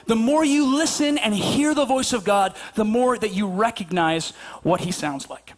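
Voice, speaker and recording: A man's voice: sits high, moderate pace. A man preaching a sermon at a church service in a conversational way, repeating his points and restarting his sentences as he acts out stories. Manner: conversational, repetitive, stammering restarts, acts out anecdotes. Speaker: pastor.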